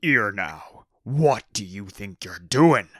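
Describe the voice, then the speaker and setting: A man voicing a huge, bullying orc boss who bellows slow threats, in a storybook reading. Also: lowish voice, expressive, fairly bright tone, no room sound, clean studio sound, heavily acted. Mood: angry.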